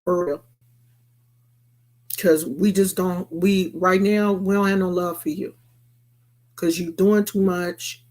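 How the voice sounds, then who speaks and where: A woman's voice: on the low side, fairly even intonation, slow, pauses often, darkish tone. A woman vlogger delivering a blunt, repetitive rant to her viewers. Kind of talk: emphatic rant to camera.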